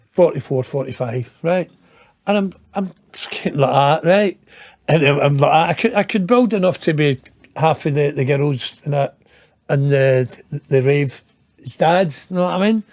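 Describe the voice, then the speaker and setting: Scottish male, 50s, interview guest, slightly high voice, rambling profane storyteller, dry close sound. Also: a little mellow, no room sound. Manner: rambling, profane, laughs at his own tale, self-mocking.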